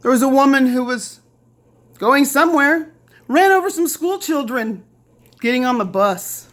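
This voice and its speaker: A woman's voice: high voice, animated, a little slow. Heated, profane woman ranting on camera. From Lafayette, Indiana. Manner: heated, profane, repetitive, mocking quotes. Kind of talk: angry direct-to-camera rant.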